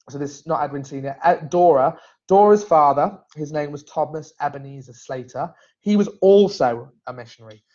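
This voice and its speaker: Chatty man, gravelly, lo-fi stream. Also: fairly high pitch, darkish tone. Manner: chatty, self-correcting, frequent restarts. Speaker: genealogy presenter. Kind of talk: casual live-stream talk. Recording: dull lo-fi stream audio.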